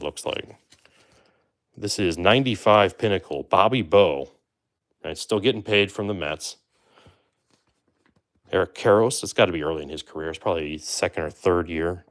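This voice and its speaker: A man with a low, deep voice hosts a live stream in a relaxed, chatty way. He talks loosely with plenty of fillers and asides to his viewers. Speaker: livestream host opening baseball card boxes. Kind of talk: casual live-stream commentary.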